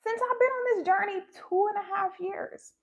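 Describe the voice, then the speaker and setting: High-pitched woman on a live stream, halting and open about her feelings, muffled lo-fi audio. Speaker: spiritual content creator.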